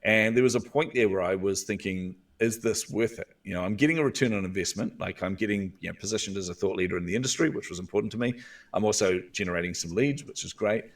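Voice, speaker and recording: A man's voice: fairly low pitch, quick pace, far from the mic. A man with a New Zealand accent, a guest coach telling stories earnestly in a podcast interview. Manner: earnest, animated storyteller.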